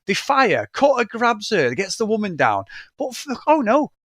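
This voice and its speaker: High, lively man riffing. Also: moderate pace, no room sound, clean studio sound. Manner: sweary, animated, acts out scenes. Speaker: podcast co-host. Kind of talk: casual film review chat.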